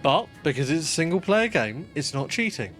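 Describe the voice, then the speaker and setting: A man's voice: a little high, big pitch swings, normal speed, a bit bright, soft background music. A man streaming a game live, chatting casually while he plays. He rambles, swears freely and mocks himself.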